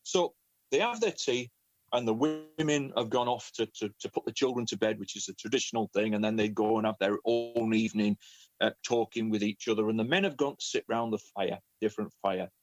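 A man who is a professional storyteller, telling a family story in an animated way, often repeating words. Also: on the low side, fairly quick, no echo. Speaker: professional storyteller and children's author. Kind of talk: conversational storytelling.

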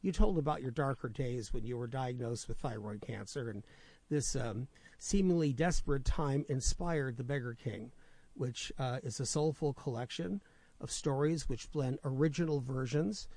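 A man's voice: mid-range voice, a little mellow, no room sound. Rambling, jokey male radio host. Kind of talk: radio talk show chat.

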